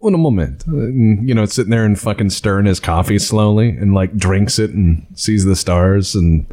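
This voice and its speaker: A man's voice: fairly low pitch, normal speed, warm tone. A young man co-hosting a podcast, riffing in casual chat with lots of giggling and swearing. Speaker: podcast co-host.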